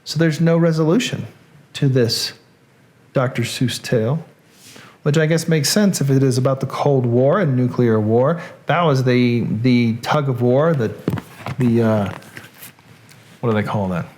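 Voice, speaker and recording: A man's voice: mid-range voice, unhurried, long pauses, slight background noise. Rambling Southern-accented male host. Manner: rambling, joking, relaxed. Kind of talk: casual show sign-off.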